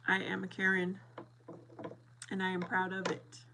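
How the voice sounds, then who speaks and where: A middle-aged woman chatting casually with viewers, animated and laughing often as she acts out both sides of a story. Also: lowish voice, unhurried, background noise.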